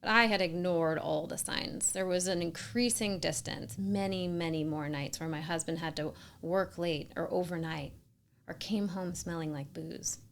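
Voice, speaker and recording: A woman in her thirties narrates a personal story in a rather low voice with a gravelly fry. She speaks earnestly and with emphasis, and sometimes slips into a soft whisper. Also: normal speed. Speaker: storyteller sharing a personal experience.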